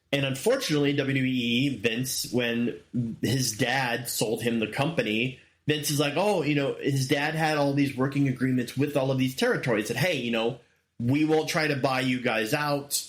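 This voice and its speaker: A man in his forties hosting his own show, telling a story in a casual monologue with excited, animated bursts. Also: medium pitch. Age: 40s. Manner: excited, animated retelling with sudden loud bursts. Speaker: podcast host.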